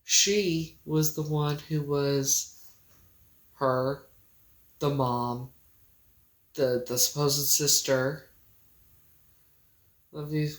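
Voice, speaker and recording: A woman speaks casually into her phone on a livestream. She is emotional and halting, and she often breaks off and starts again. Her voice rings around an echoey room. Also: sits low, steady tone. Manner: emotional, halting, with many pauses and restarts.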